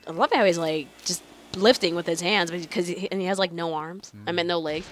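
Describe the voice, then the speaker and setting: A young woman giving gameplay commentary into a desk microphone, excitable and quick to swear in bursts of frustration. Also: fairly low pitch, slight background noise. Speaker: let's play host.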